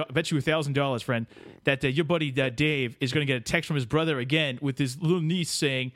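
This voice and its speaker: A man's voice: medium pitch, fairly bright tone, no echo, close to an everyday voice. A man doing a comedic impression of a boastful older male film actor who rambles and name-drops in a chummy way.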